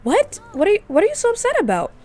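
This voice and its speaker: A woman voicing an upset young wife in a life-sim game, shrill and indignant. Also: animated, fast talker, warm tone.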